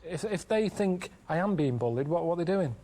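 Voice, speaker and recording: A man around forty telling rambling stories in a deadpan way during a casual studio chat. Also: fairly high pitch, brisk. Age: 40s. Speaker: guest.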